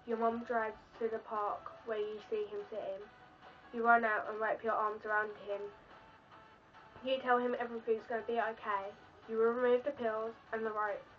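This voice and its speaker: A woman's voice: on the high side, level tone, normal speed, recorded from a distance, highs cut off, faint music behind. A woman vlogger telling an emotional story in the second person, earnest and pleading.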